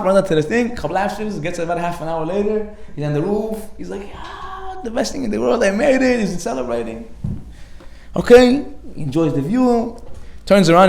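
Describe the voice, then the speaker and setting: Animated rabbi telling a story in an echoey room. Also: male voice, high voice. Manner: animated, acts out characters in the story, laughs often. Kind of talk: lively storytelling sermon.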